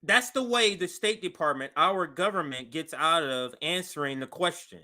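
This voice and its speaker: Host commentator, male, high and very bright voice, incredulous and mocking. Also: moderate pace. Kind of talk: reaction commentary on a news clip.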